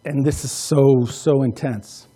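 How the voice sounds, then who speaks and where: A male pastor preaching a sermon, emphatic, repeating key phrases and swinging between loud passages and hushed ones. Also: mid-range voice, fairly even intonation, slow pace, breathy edge.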